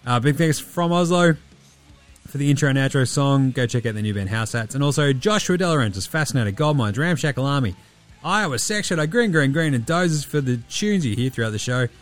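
A man's voice: mid-range voice, expressive, fairly quick, faint music behind. Sweary, laid-back Australian man with a tired voice. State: voice tired, giving out. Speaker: podcast host. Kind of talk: casual sports podcast picks.

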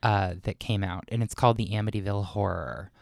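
A man's voice: lowish voice, brisk, gravelly, no echo, clean studio sound. A man co-hosting a podcast, telling a story from prepared notes and breaking into chatty asides. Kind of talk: casual storytelling chat.

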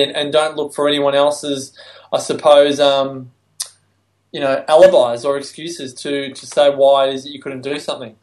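A man's voice: mid-range voice, little pitch movement, normal speed. A man, telling stories and laughing through them in casual podcast chat. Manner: warm storytelling, laughs while speaking. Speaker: podcast co-host.

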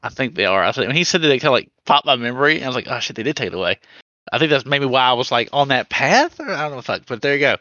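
Podcast cohost, wry and argumentative, laughs a lot, bright lively voice. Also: medium pitch, rapid-fire, no echo, highs cut off. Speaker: podcast co-host. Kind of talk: casual podcast chat.

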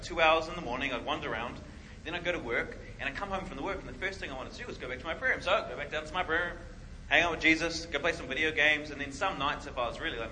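Male preacher, bright forceful voice, animated storyteller who acts out quotes. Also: on the high side, a little hiss or hum, poor audio. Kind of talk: sermon.

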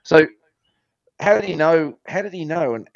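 A man's voice: a little high, expressive, moderate pace, vocal fry, dry recording. A man tells stories in a rambling, self-deprecating way, sometimes slipping into voices. The sound is dry and close, a bit muffled in the top end. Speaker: podcast guest, former musician. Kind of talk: casual conversational storytelling.

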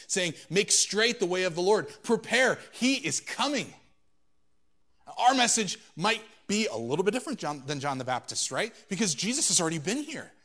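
A man delivers a sermon in a slightly high voice. He builds to loud, emphatic peaks, then drops into quiet, low asides. He acts out the quoted exchanges in a casual, conversational voice. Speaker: pastor.

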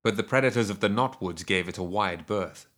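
Man, lowish voice, audiobook narrator, steady measured storytelling. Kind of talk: scripted fantasy narration.

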